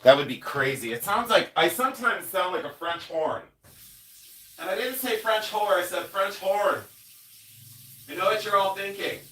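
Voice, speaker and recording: A man's voice: high-pitched, lively intonation, moderate pace, fairly bright tone, breathy edge. A middle-aged man hosting a casual livestream, chatty and rambling and congested from his sinuses. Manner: chatty, rambling, thanks viewers often. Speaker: livestream host, jewelry collector. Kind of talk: casual live-stream chat.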